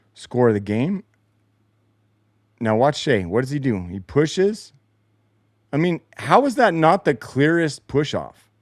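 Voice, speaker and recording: This show host's mid-range voice is captured in clean studio sound with no room sound. Broadcasting a post-game show from his basement, he picks apart replays, sarcastic and frustrated, swearing heavily throughout.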